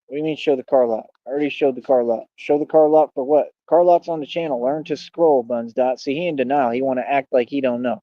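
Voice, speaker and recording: A man's voice: mid-range voice, quick pace, hardly any pauses, no room sound, muffled recording. A man hosting a livestream, combatively mocking and taunting a rival in a heated rant. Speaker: livestream host.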